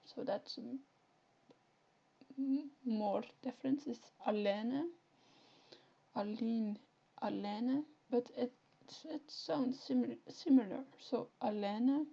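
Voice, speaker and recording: A young Flemish-accented woman rambles through a live stream in a chatty, animated way, often restarting her sentences. Her voice is mellow and gravelly, and she talks slowly with a slightly high pitch. The audio is dull and lo-fi. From Flanders, Belgium. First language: Dutch (Flemish). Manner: chatty, animated, self-correcting. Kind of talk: casual live-stream chat.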